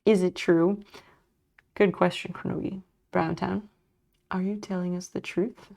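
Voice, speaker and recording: A woman's voice: fairly low pitch, fairly even intonation, a little slow, creaky, a little mellow. A woman streamer chatting casually with her viewers while she crochets, muttering and swearing under her breath as she works. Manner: chats back to viewers' messages.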